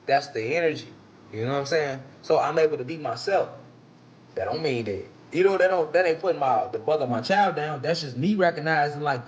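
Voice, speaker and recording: A man's voice: on the high side, muffled recording, a little hiss or hum. A man speaking in a casual, earnest social media monologue, streetwise and profane.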